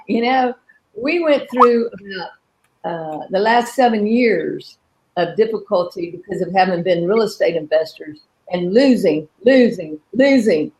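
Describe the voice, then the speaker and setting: A woman's voice: a little high, low-quality recording. A middle-aged woman hosting a live coaching session, talking earnestly and walking listeners through a repeated affirmation exercise. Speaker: coach and host. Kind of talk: live coaching webinar talk.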